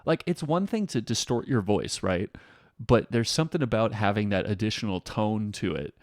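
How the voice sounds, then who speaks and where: A man hosting a reaction video, excitable and rambling as he comments. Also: on the low side, moderate pace, no echo, studio quality. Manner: excitable, rambling, self-interrupting. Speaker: reaction host.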